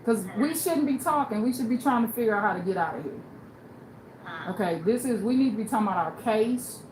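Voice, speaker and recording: With a slightly high voice and a slightly fast pace, a woman livestreams casual, blunt stories, acting out the people she quotes with animation. Her room echoes and carries background noise.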